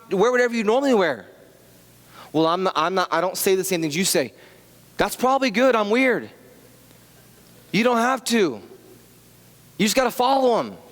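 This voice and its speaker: Male pastor, 30s, higher voice, chatty and self-mocking, big hall reverb. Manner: chatty and self-deprecating, many restarts and asides. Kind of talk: conversational sermon with personal stories. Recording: long reverb of a church hall.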